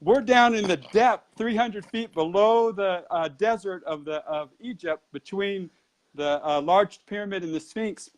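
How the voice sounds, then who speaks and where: A Qigong and Tai Chi teacher tells a long personal story in an interview, in a high-pitched voice at a measured pace. He's an animated storyteller who keeps things moving.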